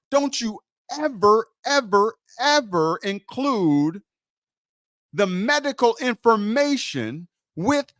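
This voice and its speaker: Emphatic man teaching, lively high voice. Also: no room sound, clean studio sound. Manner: emphatic, muttering while searching his screen. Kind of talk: livestream teaching.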